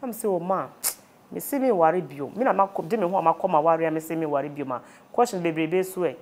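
A woman's voice: low-pitched, a little mellow. A woman with a Ghanaian accent, a guest earnestly recounting a personal ordeal, switching between languages. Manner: earnest, rapid mix of Twi and English. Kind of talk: personal testimony.

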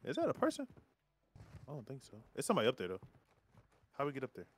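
A young man chatting casually while gaming, excitable, slangy and swearing a lot. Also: medium pitch, fast, slight background noise. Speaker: gamer streamer. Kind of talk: casual gameplay banter.

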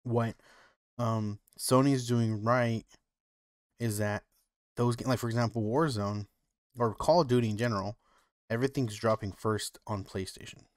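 A man's voice: medium pitch, fairly even intonation, normal speed, long pauses, no echo, studio quality. A man co-hosting a podcast, chatting casually and rambling, with lots of "like" and "you know". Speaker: podcast co-host. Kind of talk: casual chat.

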